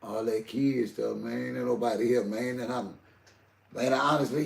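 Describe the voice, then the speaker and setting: A man's voice: mid-range voice, fairly even intonation, moderate pace, gravelly, roomy sound. An older man, talking heatedly and directly to his live stream chat. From Southern US. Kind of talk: emotional live stream talk.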